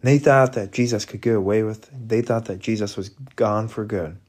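A man giving a slow, halting devotional retelling and prayer, reflective, with frequent restarts. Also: lowish voice, a little mellow. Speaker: preacher.

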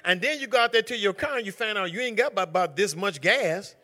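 A man's voice: high voice, lively intonation, quick pace, sharp tone. A man leading an interactive Bible study, calling on members by name in a conversational, emphatic way. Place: church group gathering.

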